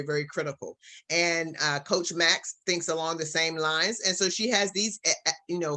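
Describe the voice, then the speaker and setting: A woman's voice: on the low side, pushed and bright. A woman business coach giving a casual online presentation, upbeat and encouraging, talking to her audience like family.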